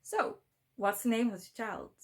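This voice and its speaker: A woman's voice: on the high side, expressive, normal speed. A woman voicing a timid, trusting male mouse who sounds easygoing and a little puzzled.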